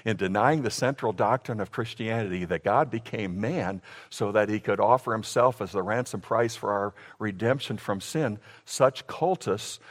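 Emphatic preaching man in a reverberant hall. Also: lowish voice. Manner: emphatic preaching, swings from loud to hushed. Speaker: pastor. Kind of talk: sermon.

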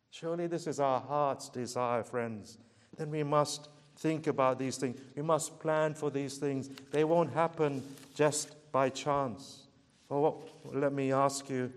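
A man's voice: on the high side, a little mellow, big-room sound. A man preaching a sermon, earnestly pleading with his listeners and asking repeated rhetorical questions.

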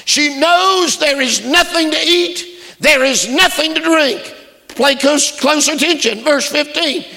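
A male preacher delivering a fervent sermon that builds to shouted emphasis. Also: very high voice, vocal fry. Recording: long hall reverb.

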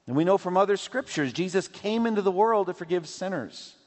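A man's voice: sits high, animated, darkish tone. Emphatic male preacher in an echoing hall. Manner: measured, emphatic Bible teaching. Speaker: pastor. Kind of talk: sermon. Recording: long hall reverb.

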